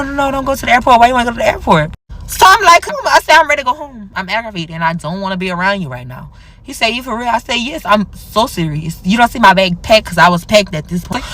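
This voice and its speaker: Young woman, casual storytime, animated, jumps into high squeals for quotes. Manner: animated, acts out quoted dialogue with big pitch jumps.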